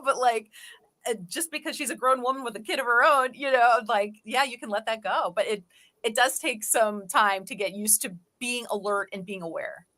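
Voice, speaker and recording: A woman's voice: a little high, moderate pace, pushed and bright. A woman who is a guest on a podcast and a coach, talking candidly in a slangy style and laughing easily. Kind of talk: casual podcast conversation.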